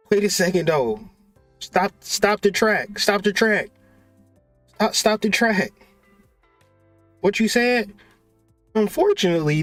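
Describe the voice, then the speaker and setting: Profane, high-voiced male spiritual ranter. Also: no echo. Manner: profane, animated, mocking. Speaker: host of a spiritual channel. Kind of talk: comedic spiritual rant.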